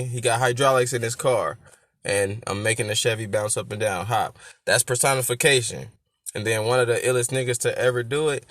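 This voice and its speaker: Excitable man breaking down rap lyrics. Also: mid-range voice, no room sound. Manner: excitable, laughs loudly, explains lyrics like a teacher; repeats lines to stress syllables. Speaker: rap reaction host. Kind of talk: casual rap breakdown commentary.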